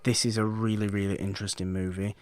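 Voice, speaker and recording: A man co-hosting a podcast, talking about films casually, lively and acting out reactions. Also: on the low side, fast talker, no room sound. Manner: animated, acts out reactions, frequent restarts. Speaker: podcast co-host. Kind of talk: casual film chat.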